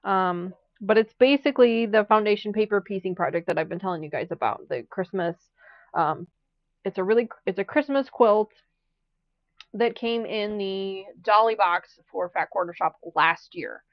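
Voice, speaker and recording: A chatty woman talks to her viewers while she sews, rambling from one thought to the next and laughing often. Her voice sits at a middle pitch. The sound is dry and a little muffled. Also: moderate pace, dry recording. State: has the hiccups. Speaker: quilting channel host. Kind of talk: casual chat during a live sewing stream.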